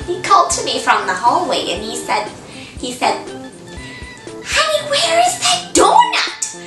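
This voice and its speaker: A woman puts on a daffy, chatty middle-aged mom, pitched very high and swooping all over the place. She rambles along in a slow, echoey room, a little off the mic, with music playing behind her. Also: huge pitch swings, recorded from a distance, exaggerated voice. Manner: rambling, folksy, chirpy with sudden shrill outbursts. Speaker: comic character monologue. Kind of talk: comedy sketch monologue.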